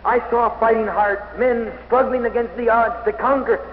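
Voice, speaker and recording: A man, an athlete, giving an inspirational speech and telling his stories dramatically, rising to loud excitement and then dropping to a hush. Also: extremely high pitch, moderate pace. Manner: dramatic storytelling, swinging from loud excitement to hushed intensity. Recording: old dull recording in an echoey hall with faint noise.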